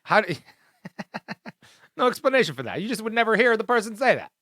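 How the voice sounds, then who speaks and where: Man, podcast co-host, playful riffing, bright tone, dry close sound. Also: high voice, very animated, fairly quick, dry recording. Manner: playful, riffs into silly bits. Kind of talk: casual comedic chat.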